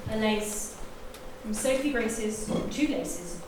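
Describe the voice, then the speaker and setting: A woman's voice: mid-range voice, noisy background, natural voice. A woman playing a confident young detective who lays out the crime on a live stage, heard from far off in an echoey theatre. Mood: explaining. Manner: theatrical, deliberate explaining. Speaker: amateur sleuth revealing the killer.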